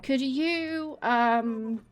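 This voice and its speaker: A woman's voice: high-pitched, extremely slow. An English woman streaming, chatting in a rambling, casual way to her viewers while walking on a treadmill. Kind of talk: casual livestream chat. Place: home, on a treadmill.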